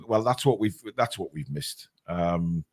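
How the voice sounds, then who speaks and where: A man hosting a casual podcast, reading out comments in a blunt, halting, sometimes sweary way. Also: low voice, expressive. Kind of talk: casual chat.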